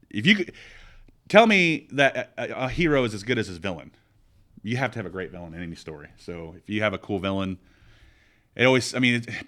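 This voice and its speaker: A man co-hosting a podcast, talking casually and with lots of opinions, often restarting his sentences. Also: lowish voice. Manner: rambling, opinionated, animated with frequent restarts. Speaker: podcast co-host. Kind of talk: casual chat.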